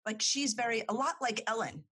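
A woman's voice: fairly high pitch, expressive, fairly quick, pushed and bright, breathy edge. A woman in casual chat, rambling with fillers and restarts. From New Jersey / New York. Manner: rambling, lots of fillers and restarts, laughs often.

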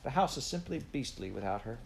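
A man's voice: medium pitch, lively intonation, a little fast, gravelly, a little hiss or hum, voice pushed up. A man reading aloud, voicing a sensitive young girl who sounds wounded and plaintive. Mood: miserable.

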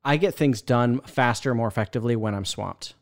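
Relaxed man with a smooth voice. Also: medium pitch, brisk. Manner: rambling, restarts often. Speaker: podcast co-host. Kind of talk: casual chat.

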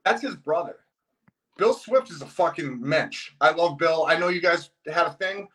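A man's voice: a little high, animated, moderate pace, fairly bright tone, low-quality recording. A man in casual chat, ranting bluntly and swearing a lot.

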